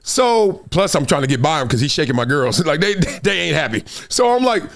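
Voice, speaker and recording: A middle-aged man with a Southern California accent hosts a live show and tells his story with a high, bouncing voice. He acts out the quotes as he goes and laughs often. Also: very animated, fairly quick, vocal fry, fairly bright tone. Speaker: host.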